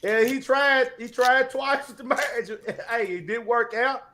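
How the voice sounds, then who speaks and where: A man with a notably high voice tells stories with energy, breaking into laughter mid-sentence. The talk is loose and conversational. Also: measured pace, pushed and bright, slight background noise. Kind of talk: casual chat.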